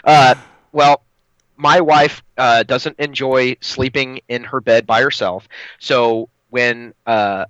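A man's voice: medium pitch, slow, dry recording, muffled recording. A man in his thirties co-hosting a podcast, telling a story in casual chat and acting out the voices he quotes. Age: 30s. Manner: animated, acts out quoted voices, laughs often. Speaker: podcast co-host.

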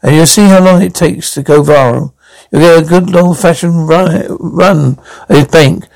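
A man's voice: a little high, moderate pace, gravelly, darkish tone, no room sound, rough recording. An actor playing a tense, confrontational man in a TV crime drama, demanding his money.

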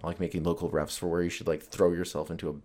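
A man with a deep, low voice talks to his listeners alone on a podcast. He rambles from topic to topic in a loose, profane, joking way. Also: flat delivery, racing, a little mellow. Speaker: podcast host. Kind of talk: casual solo podcast chat.

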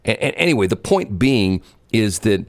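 A man's voice: lowish voice, sing-song, moderate pace, dry recording. A middle-aged man co-hosting a talk show, rambling and joking, often repeating himself as he tells stories. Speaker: radio co-host. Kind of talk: casual banter on air.

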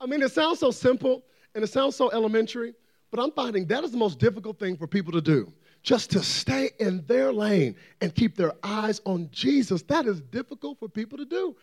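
A man preaching a fervent, playful sermon as a guest preacher, often swelling into shouts. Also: sits high, animated, brisk.

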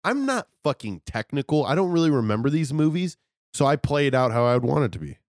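A man's voice: quick pace, dry recording, studio quality. A man co-hosting a casual film podcast, laid-back and profane, his voice swinging up and down as he talks. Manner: laid-back, swears, lively swings in pitch. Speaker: podcast co-host. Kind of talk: casual chat.

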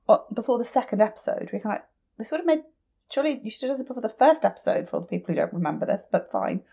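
A woman's voice: a little high, very animated, racing, vocal fry, mellow, slightly rough. A woman co-hosting a podcast, talking casually and rambling with lots of restarts. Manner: chatty and rambling, with many restarts and fillers. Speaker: podcast co-host. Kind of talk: casual fan podcast chat.

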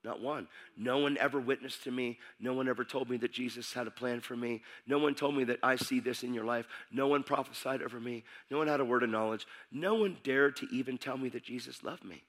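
A man's voice: medium pitch, a little fast, hardly any pauses, fairly bright tone. A middle-aged man preaching his testimony as a sermon, telling his story intensely and acting out the dialogue.

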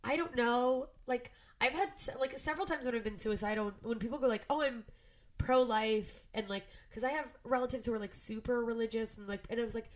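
Fast-talking comedian woman on a podcast. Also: fairly high pitch. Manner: rambling, heavy on filler words and swearing. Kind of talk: candid podcast conversation.

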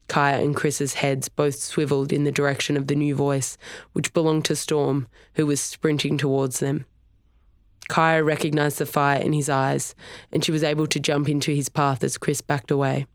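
Dry, steady audiobook narrator. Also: medium pitch, moderate pace, dry recording. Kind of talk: scripted narration.

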